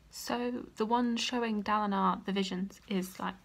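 A young woman chatting casually about a book she just read, excitable and full of "like". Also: medium pitch, measured pace, vocal fry. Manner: animated, excitable, says "like" often. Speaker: reading vlogger. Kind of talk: casual book reaction chat.

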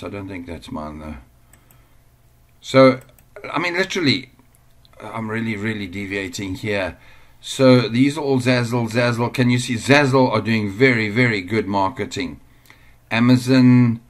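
A man teaching an online business lesson at home, chatting casually while sharing his screen, digressing often and easily amused. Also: lowish voice. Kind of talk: casual screen-share tutorial.

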